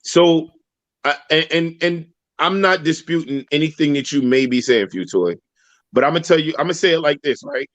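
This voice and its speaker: A man's voice: on the high side, normal speed, dry recording. A man arguing his point in a heated online panel debate, emphatic and profane, telling little stories to make his case.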